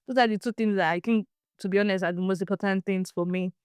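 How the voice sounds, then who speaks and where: A woman's voice: medium pitch, quick pace, clean tone, dry recording, clean studio sound. Young Nigerian woman hosting a podcast. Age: young adult. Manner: animated, laughs and restarts often. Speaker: podcast host. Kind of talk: casual storytelling chat.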